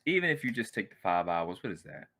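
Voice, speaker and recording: A man arguing on a panel, animated, sarcastic and profane. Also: lowish voice, fast talker. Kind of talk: heated panel discussion.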